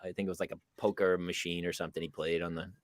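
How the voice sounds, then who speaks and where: A middle-aged man hosting a casual comedic talk show, bantering quickly and joking with his guest over a livestream call. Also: low-pitched, level tone, no echo, clean studio sound. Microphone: livestream video call.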